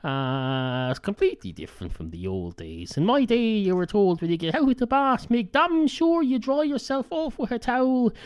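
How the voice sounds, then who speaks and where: A hoarse man hosting his podcast alone, rambling in a deadpan way with constant filler sounds. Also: very high voice, normal speed, hardly any pauses, dry recording. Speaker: podcast host. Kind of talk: rambling solo monologue.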